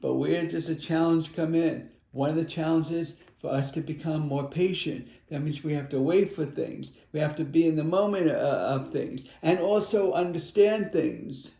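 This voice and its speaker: Male card reader, middle-aged, gravelly warm tone, meandering earnest delivery. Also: fairly high pitch, normal speed, few pauses, echoey room. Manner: earnest and meandering, with acted-out inner voices. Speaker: spiritual advisor giving a card reading. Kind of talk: tarot card reading.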